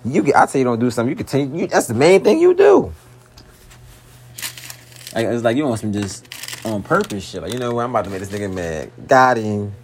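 A man's voice: mid-range voice, big pitch swings, fairly quick, pauses often, slight background noise. A young man with a Philadelphia accent, venting in a profane, slangy monologue to his girlfriend. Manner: profane, slangy, pleading then exasperated. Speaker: vlogger.

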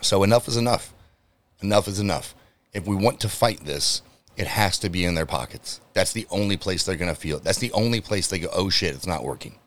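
A man with a slightly low voice hosts a solo podcast rant. He talks in a heated, emphatic way, full of swearing, and speaks straight to his listeners as if rallying them. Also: brisk. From United States. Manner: direct address to listeners. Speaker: podcast host.

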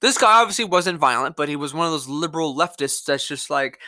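A man's voice: on the high side, animated, fairly quick, bright, forceful tone, no room sound, clean studio sound. Angry Mississippi-accented man ranting. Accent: Southern US, Mississippi. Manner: angry, profane, rambling with restarts. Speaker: podcast host. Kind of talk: political rant monologue.

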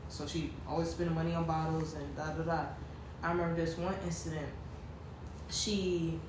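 A woman's voice: low voice, flat delivery, moderate pace. Young woman, casual podcast chat, rambling storyteller, very reverberant room, noticeable background noise. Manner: rambling personal storytelling, heavy use of "like". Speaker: podcast co-host.

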